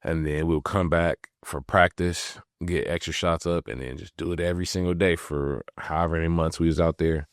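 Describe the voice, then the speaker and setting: A young man from California, a podcast host and former pro athlete, telling stories in relaxed slangy talk with frequent laughs. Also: deep voice, moderate pace, hardly any pauses, dry recording, studio quality. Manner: laid-back slangy talk, laughs often. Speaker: podcast host, retired pro basketball player. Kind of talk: casual storytelling.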